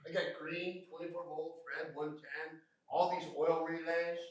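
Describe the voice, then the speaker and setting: Joking Southern trainer in an echoey room. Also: male voice, a little high, little pitch movement, measured pace. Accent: American Southern. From American South. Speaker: refrigeration trainer. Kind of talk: lively live training talk. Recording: echoey room, mic at a distance.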